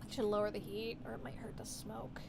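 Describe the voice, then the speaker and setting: A woman voicing a calm, polite young woman who runs a hookah lounge and speaks softly and courteously. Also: mid-range voice, fairly quick, vocal fry, noisy background, voice pushed down, natural voice. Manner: soft, courteous, attentive.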